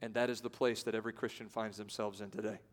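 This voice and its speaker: A man pastor preaching a sermon, swinging from loud to hushed and acting out voices. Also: fairly low pitch, flat delivery, quick pace. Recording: long reverb of a large hall.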